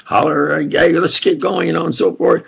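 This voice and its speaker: An older man with a thick New York accent reminisces aloud, his voice heavy with gravel and a husky edge. He wanders and repeats himself, Italian his first language. The recording is dull and lo-fi. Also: fairly high pitch, fairly even intonation, moderate pace. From New York, USA. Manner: meandering, repeats himself, chuckles while reminiscing. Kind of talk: rambling personal monologue.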